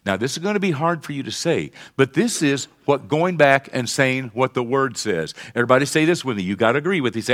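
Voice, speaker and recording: An older man preaching a sermon as pastor, leading the congregation in call and response and swinging from soft talk to shouting. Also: medium pitch, lively intonation, a little fast, few pauses.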